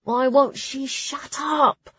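A woman's voice: high-pitched, fairly even intonation, slow pace, fairly bright tone, highs cut off, voice pushed up. A woman voicing an impatient, hungry young girl novice who blurts and whines. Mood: whiny.

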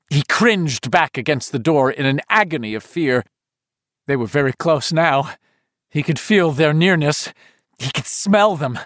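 A man's voice: on the high side, dry recording, studio quality. Man narrating a horror audiobook. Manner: tense, measured, suspenseful delivery.

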